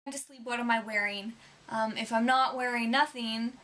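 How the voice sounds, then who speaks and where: Bright-voiced young woman chatting. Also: fairly high pitch, fairly even intonation, normal speed. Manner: rambling, chatty, lots of "um" and "like". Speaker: vlogger. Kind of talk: casual chat to camera.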